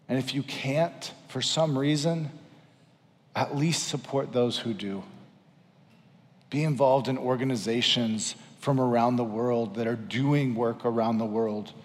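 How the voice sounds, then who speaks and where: A man's voice: mid-range voice, big-room sound. A man preaching a sermon as pastor, earnest and exhorting, repeating lines for emphasis.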